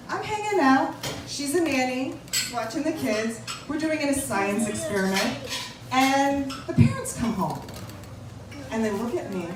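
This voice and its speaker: A woman doing a stand-up comedy set in a small coffee shop, playfully teasing the crowd with big, lively swings in her delivery. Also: a little high. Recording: echoey room taped from far off with noise.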